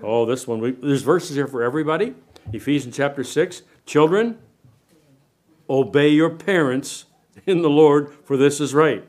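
Older man, sermon preacher, slightly higher voice, animated and questioning the congregation. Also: normal speed. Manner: animated preaching, asks the room questions, varies loudness a lot. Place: church sanctuary.

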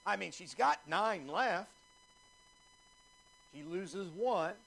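A male preacher with a high, light voice delivers a sermon at an unhurried pace. He reads the old scripture with theatrical flair and presses hard on key words so they land. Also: animated, creaky, a bit bright, rough recording.

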